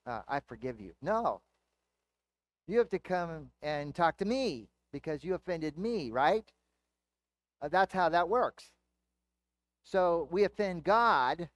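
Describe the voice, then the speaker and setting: A man's voice: high-pitched, dry recording. Man preaching a conversational sermon. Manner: conversational teaching with rhetorical questions. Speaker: pastor.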